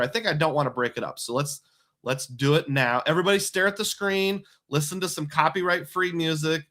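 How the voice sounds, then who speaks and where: Chatty bright-voiced male streamer. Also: a little high, brisk. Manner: chatty, rambling, reads viewer comments aloud. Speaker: livestream host. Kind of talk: casual live-stream chat.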